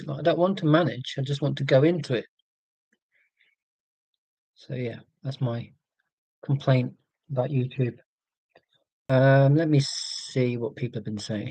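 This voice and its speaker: A man's voice: medium pitch, a little mellow, no echo, poor audio. A Scottish man hosting a casual live stream from home, chatting in a rambling, self-deprecating way and reading out viewer comments. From Scotland.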